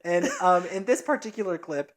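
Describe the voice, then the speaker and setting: A woman's voice: lowish voice, moderate pace. A woman hosting a casual podcast, jokey and crude, poking fun at herself. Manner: jokey, crude, self-mocking. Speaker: podcast host. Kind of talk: casual chat.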